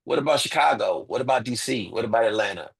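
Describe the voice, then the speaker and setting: A man's voice: mid-range voice, animated, fast, vocal fry, husky, poor audio. A man as an interview guest, making his case emphatically with rhetorical questions and repeated points. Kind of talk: impassioned interview talk.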